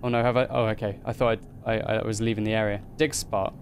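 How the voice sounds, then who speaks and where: A man commenting chattily as he plays a video game, excitably narrating each of his own moves. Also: lowish voice, fast talker, a little hiss or hum. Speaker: gaming video host. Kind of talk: let's play commentary.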